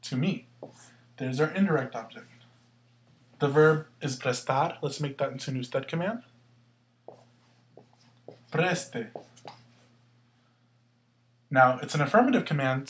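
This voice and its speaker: A man teaching a language lesson step by step, asking questions and answering them himself and slowly sounding out words to show where the stress falls. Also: on the high side. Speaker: Spanish teacher. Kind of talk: explaining grammar step by step.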